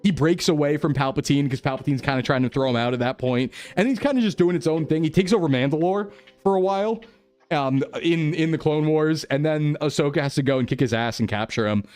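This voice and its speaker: A man's voice: fairly high pitch, fairly quick, darkish tone. A man live-streaming in casual chat, answering his chat as he rambles enthusiastically, full of fillers and laughs. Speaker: VTuber streamer.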